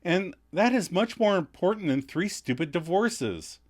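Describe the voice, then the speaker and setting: A man's voice: high voice, expressive, measured pace, pitched above the performer's own voice. A man doing a quirky, blunt young woman. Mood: brisk.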